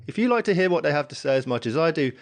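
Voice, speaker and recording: A man's voice: a little high, expressive, rapid-fire. Man, podcast host, friendly, interview questions. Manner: friendly, brief backchannels and laughs.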